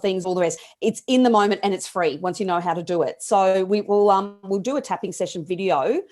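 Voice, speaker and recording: A woman's voice: medium pitch, brisk. Agreeable woman co-host. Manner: warm agreeing listener, easy laugh. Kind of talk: conversational parenting advice chat.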